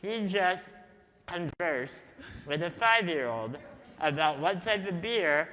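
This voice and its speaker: A man giving a talk at a conference, telling stories in a slow, deliberate, wry way. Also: high voice, lively intonation, bright, forceful tone. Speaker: conference speaker. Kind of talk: storytelling talk to a live audience. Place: large conference hall. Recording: reverberant conference hall.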